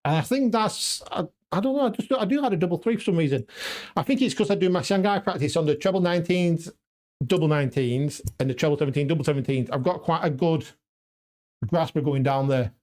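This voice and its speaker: A man's voice: fairly high pitch, fairly quick, darkish tone. A man on a casual live stream, practicing darts and muttering checkout numbers to himself, then chatting with viewers. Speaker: darts vlogger. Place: home darts room.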